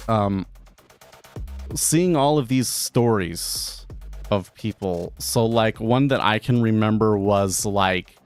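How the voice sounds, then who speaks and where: A low-voiced man who streams day trading rambles through a casual live-stream monologue, full of restarts and fillers.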